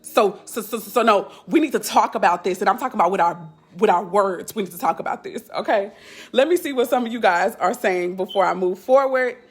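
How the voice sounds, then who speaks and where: A woman's voice: medium pitch, fairly quick, slightly rough, soft background music. A woman life coach chatting casually on a live stream, candid and blunt in loose, slangy talk.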